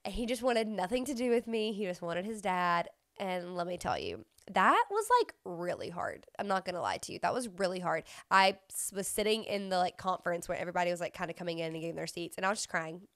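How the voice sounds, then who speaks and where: A woman's voice: lowish voice, lively intonation, fast, few pauses, fairly bright tone, no room sound, clean studio sound. Chatty young woman with a sniffle. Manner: chatty, sniffly, filler-heavy storytelling. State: runny nose, sniffling. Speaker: podcast host. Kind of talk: casual chat.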